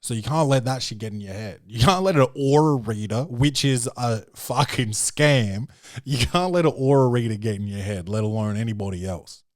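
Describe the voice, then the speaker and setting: A man hosts his podcast in a casual, comic ramble, swearing freely and tossing in dude and man. His voice sits at a middling pitch and sounds close and dry, with no room around it. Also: animated, moderate pace, no echo. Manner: loose and profane, full of "dude" and "man". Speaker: podcast host. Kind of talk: casual comedic review chat.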